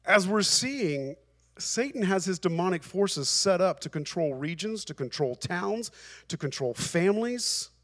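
A man's voice: sits high, expressive, a little slow. A male pastor preaching a sermon, emphatic and repeating phrases for emphasis.

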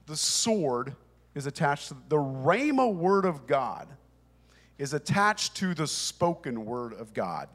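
Pastor guy preaching to his church, chatty and emphatic, voice a bit on the high side. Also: sing-song, takes it slowly, a bit bright. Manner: conversational, emphatic, talks to the congregation. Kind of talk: sermon. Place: church with congregation.

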